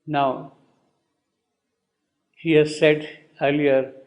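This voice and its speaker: Man, slow poetry lecturer, rereads the lines and explains each word, slightly high voice. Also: flat delivery, a little mellow, low-quality recording. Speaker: teacher explaining a poem.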